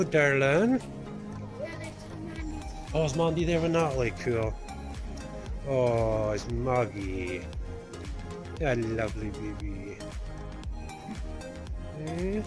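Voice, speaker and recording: A woman chatting casually while filming at a riding stable, cooing at the horses and encouraging her child with lots of tag questions. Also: rumbling low. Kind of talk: casual vlog chat. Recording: music playing over the voice.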